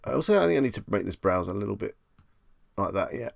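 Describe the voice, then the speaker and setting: Gravelly low-voiced man, chatty live streamer. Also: sing-song, fast talker, no room sound, clean studio sound. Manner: chatty, reads questions aloud and muses on them. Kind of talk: casual live-stream chat.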